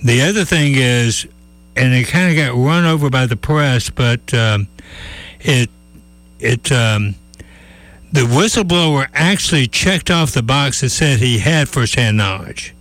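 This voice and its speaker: A man's voice: medium pitch, animated, unhurried, fairly bright tone. Folksy male radio host. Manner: folksy, chatty, with filler restarts. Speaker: radio talk show host. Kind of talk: call-in talk radio.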